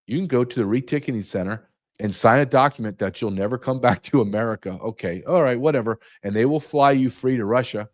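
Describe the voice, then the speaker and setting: A man's voice: medium pitch, quick pace. A man speaking as a guest, emphatic and repeating key numbers for effect. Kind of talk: emphatic interview talk.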